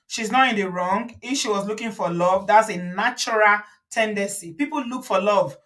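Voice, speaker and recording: A woman's voice: medium pitch, moderate pace, a bit bright. Chatty Nigerian woman hosting a live stream. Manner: chatty, reads out viewer comments, mixes in pidgin and Yoruba. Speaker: host. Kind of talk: casual live-stream chat.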